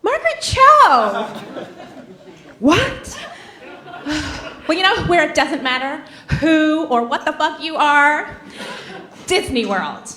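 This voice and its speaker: A woman in her thirties from Massachusetts performs stand-up on a comedy club stage, her voice sitting a touch high. She lands punchlines in a wry, sardonic way, and the room gives her voice a roomy ring. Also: lively intonation, a little slow, fairly bright tone. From Massachusetts, USA. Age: 30s.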